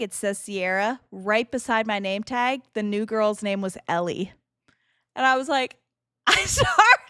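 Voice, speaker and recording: A woman streaming a game live and chatting casually with her viewers, emotional and quick to laugh. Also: mid-range voice, fairly bright tone, no room sound, clean studio sound.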